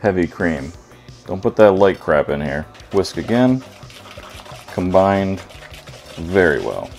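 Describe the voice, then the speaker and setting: A man's voice: sits low, sing-song, slow, a little mellow, soft background music. A man hosting a casual home cooking video, joking and irreverent as he walks through a recipe in his kitchen.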